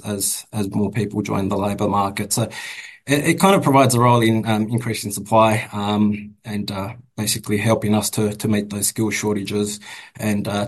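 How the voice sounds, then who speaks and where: Low-voiced hesitant Australian man. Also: poor audio. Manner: hesitant, many fillers and restarts. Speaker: bank economist. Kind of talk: casual interview commentary.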